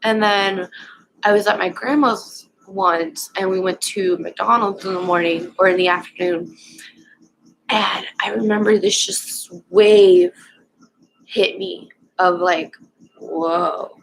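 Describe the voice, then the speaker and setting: A young woman vlogger casually telling a personal story at home, rambling and halting with lots of fillers. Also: medium pitch, steady tone, gravelly, slight background noise, low-quality recording.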